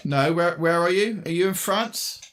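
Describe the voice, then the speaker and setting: A man's voice: high-pitched, moderate pace, a bit bright, a little hiss or hum. A man from England working his amateur radio station, chatting casually between contacts and talking to himself as he tunes. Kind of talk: casual on-air radio chat.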